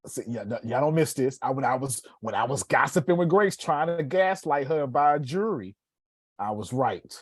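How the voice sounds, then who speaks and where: An animated male teacher talking through a class in a slangy, joking way, his pitch leaping all over. The voice sits close and dry, with no room sound at all. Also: normal speed, husky, no echo. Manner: animated, slangy, jokes and acts out examples.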